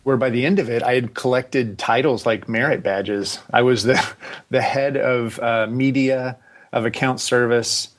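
A man in his forties, a podcast guest chatting casually, relaxed and rambling with restarts and asides. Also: mid-range voice, measured pace. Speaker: podcast guest, agency founder. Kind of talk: casual interview chat.

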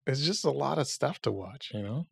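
Jokey guy podcast cohost, kinda gravelly, voice bounces around a lot, dry close sound. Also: medium pitch, lively intonation, fairly quick, dry recording. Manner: playful, jokey, rambling. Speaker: podcast co-host. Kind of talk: casual chat.

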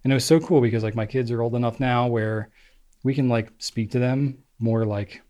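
A man co-hosting a podcast, chatting casually. He talks at an everyday pitch and rambles through long stories, full of "like" and "you know". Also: normal speed. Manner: relaxed storyteller, many fillers. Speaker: podcast co-host. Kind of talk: casual chat.

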